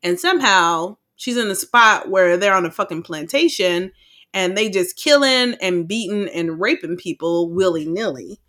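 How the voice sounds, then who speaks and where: A woman co-hosts a podcast and recaps a film in loose, profane chat, acting out her own reactions along the way. Her voice is bright and clear, at a middle pitch. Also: animated, normal speed. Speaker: podcast co-host. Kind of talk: casual movie recap chat.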